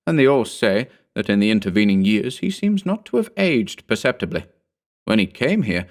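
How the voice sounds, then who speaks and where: A man voicing a hesitant adult male friend who speaks with reluctance, pitched above his narration. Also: lightly acted. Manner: reluctant, measured.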